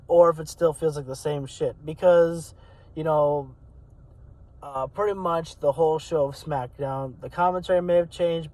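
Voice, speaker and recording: Man, casual vlog talk, rambling, lots of ums and you-knows, slightly high voice, voice cracking a bit. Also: darkish tone, low-quality recording. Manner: rambling, many fillers. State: voice cracking a little. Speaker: wrestling channel host.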